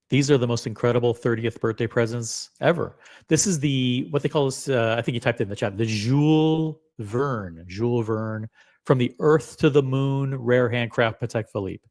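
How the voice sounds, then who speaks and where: Rambling excitable male live-stream host. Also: medium pitch, moderate pace. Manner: excitable, swearing, rambling with fillers. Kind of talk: casual live-stream chat.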